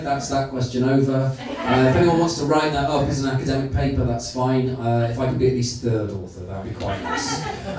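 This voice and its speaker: A man hosting a live comedy night, joking and hyping up the audience, recorded from across an echoey room with a crowd. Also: on the high side. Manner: jokey, loud, hyping the crowd. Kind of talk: stand-up compering. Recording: echoey hall from far off, crowd noise.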